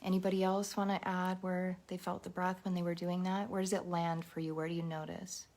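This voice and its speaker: A woman leading a live guided meditation and mindfulness talk, gentle and encouraging, speaking straight to her viewers. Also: on the low side, little pitch movement, a little fast.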